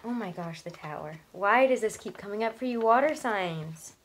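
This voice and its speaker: A woman's voice: mid-range voice, expressive, normal speed, a little hiss or hum, low-quality recording. A young woman giving a casual, reassuring tarot reading, talking chattily with lots of fillers. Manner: chatty, reassuring, many likes and ums. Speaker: tarot reader.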